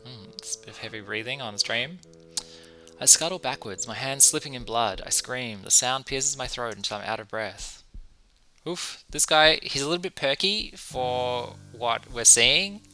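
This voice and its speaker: A man reads a visual novel's narration aloud and breaks off for amused asides. His voice is bright and sharp, at an ordinary pitch for a man. Faint game music plays behind him. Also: normal speed, low-quality recording. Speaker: streamer playing a visual novel.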